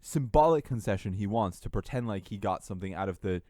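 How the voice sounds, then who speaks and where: This podcast co-host has a lowish, dark, expressive voice and talks quickly in a casual chat recorded at home. He's blunt and profane, heating up when he rants, and the recording is dry with clean studio sound.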